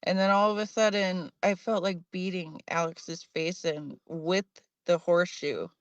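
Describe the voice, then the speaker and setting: A woman's voice: on the low side, steady tone, unhurried, no echo. A woman who works as a medium, a guest on a podcast, telling her own stories in a chatty way with little laughs. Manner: chatty, laughs between sentences. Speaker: medium and paranormal investigator guest. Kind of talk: casual storytelling. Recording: dull lo-fi sound.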